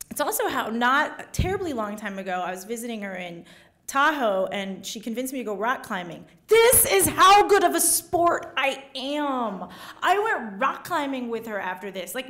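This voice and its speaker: A woman tells a comic, self-deprecating story live on stage, her fairly high voice swooping up and down. She acts out each quote with big energy. The talk runs as stage storytelling to a crowd. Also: a bit bright. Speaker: reporter. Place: stage before a live audience.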